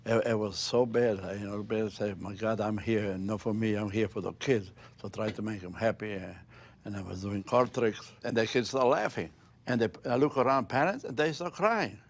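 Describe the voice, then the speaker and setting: A man with a gravelly, creaky voice and a fairly low pitch, telling a story. His English is halting, with simple grammar and frequent "you know"s. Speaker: retired pro wrestler. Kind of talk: casual storytelling.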